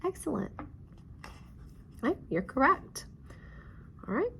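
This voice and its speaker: A woman's voice: high-pitched, very animated, takes it slowly, gravelly, sharp tone, a little hiss or hum. A woman teaching a phonics lesson, guiding learners step by step with patient, encouraging praise.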